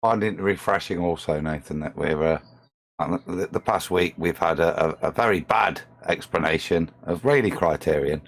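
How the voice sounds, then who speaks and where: A man with a low, deep voice chats on a live stream. He goes into a lot of detail and thinks aloud as he speaks. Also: moderate pace. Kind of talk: casual live-stream chat.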